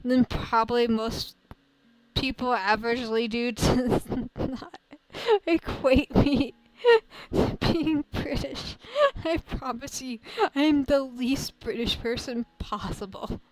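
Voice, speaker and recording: A young American woman streaming a visual novel as a VTuber, chatting in an animated, rambling way with frequent laughs and somewhat polite phrasing. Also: a little high, takes it slowly, no room sound, poor audio. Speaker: VTuber let's-play streamer. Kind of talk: casual game commentary.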